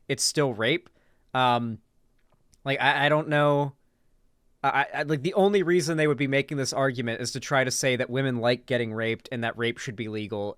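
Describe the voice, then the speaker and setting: Smooth-voiced young man rambling casually. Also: medium pitch, fairly bright tone, no room sound, studio quality. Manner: rambling, many fillers and restarts. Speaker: streamer reacting to a video. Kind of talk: casual live commentary.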